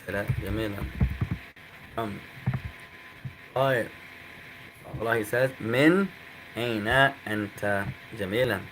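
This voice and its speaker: A man's voice: lowish voice, brisk, pauses often, background noise. Man coaxing students through an Arabic lesson. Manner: coaxing students, mixing Arabic phrases into English explanations. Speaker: Arabic teacher. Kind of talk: live online class.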